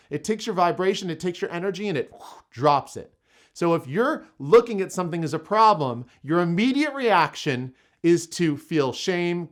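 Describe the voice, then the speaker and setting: A man giving an emphatic motivational self-help talk, repeating phrases for effect. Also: high voice. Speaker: motivational speaker.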